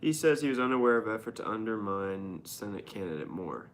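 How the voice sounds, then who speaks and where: A man's voice: lowish voice, very animated, brisk, few pauses. A man hosting a podcast, reading news headlines aloud and commenting on them in a casual, irreverent, sarcastic and profane way.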